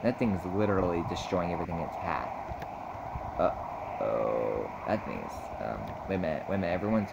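A man giving rambling, excitable gameplay commentary, swinging from mumbles to sudden yells. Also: low-pitched, fairly quick, vocal fry. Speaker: gamer. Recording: noisy recording.

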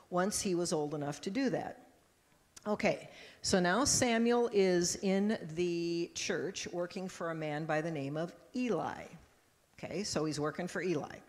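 Pastor woman telling a children's story. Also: fairly low pitch. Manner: animated storytelling, acting out voices. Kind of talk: children's message in church. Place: church sanctuary. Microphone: handheld microphone. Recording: long church reverb.

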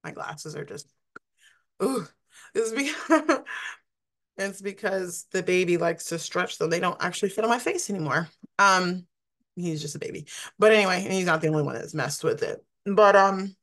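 A woman minister giving a prophetic word in a slow, solemn proclamation, then explaining scripture in a loose, chatty way with frequent restarts. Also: lowish voice, lively intonation, fairly bright tone. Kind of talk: prophetic word and Bible teaching.

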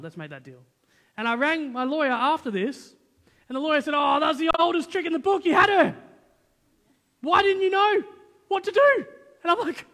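A male pastor preaching a sermon, telling a personal story in a lively, conversational way with quoted dialogue. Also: extremely high pitch. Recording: long church hall reverb.

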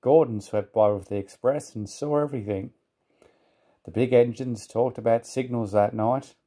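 A man reading a children's storybook aloud in a calm, even manner. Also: medium pitch, moderate pace.

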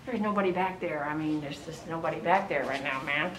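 A woman dog groomer giving casual running commentary while she works, chatty and softly cooing to the dog. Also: deep voice, a little fast, slight background noise. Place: grooming salon. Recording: echoey room, mic at a distance.

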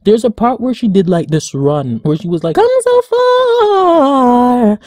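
A cartoon review host in an excited casual vlog, gushing and dramatic, sassy, calling people honey and swooping high when excited. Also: brisk, slightly rough, no room sound, clean studio sound.

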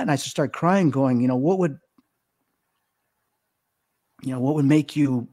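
A man's voice: mid-range voice, a little slow, mellow. A man in his fifties, a guest on a podcast interview, telling stories in an earnest, emotional way with many fillers. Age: 50s. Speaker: psychic medium guest.

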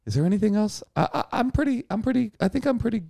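A man's voice: high voice, lively intonation, fast, gravelly, a little mellow, no echo, clean studio sound. A man hosting a podcast in a wry, teasing way. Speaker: host. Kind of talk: casual podcast chat.

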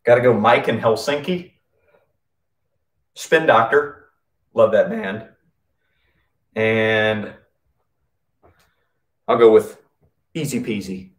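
A man's voice: fairly low pitch, slow, long pauses. Upbeat man coaching a live PE class. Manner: upbeat, calls out names and counts reps. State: out of breath.

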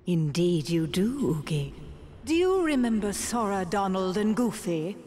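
An actress playing a regal, sneering evil sorceress in a video game cutscene. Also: female voice, medium pitch, sing-song, measured pace, slight background noise. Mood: commanding. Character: haughty evil sorceress queen, scheming. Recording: game cutscene with loud music.

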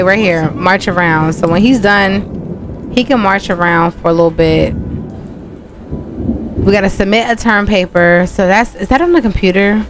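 Chatty, cussing woman gaming host. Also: on the low side. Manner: chatty, profane, talks to viewers as "y'all". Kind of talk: casual gameplay commentary.

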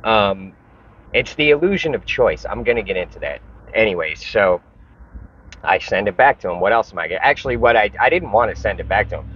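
A man's voice: fairly low pitch, animated, a little fast, a bit bright, slightly rough, lo-fi sound. A man vlogging in a casual, frustrated rant, swearing and rambling with many restarts. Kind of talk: casual ranting monologue.

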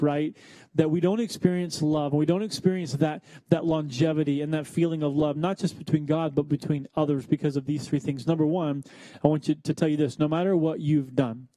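A young man preaching a church sermon, talking conversationally with joking asides and slowing down for emphasis. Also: fairly high pitch, mellow, no echo. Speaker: pastor.

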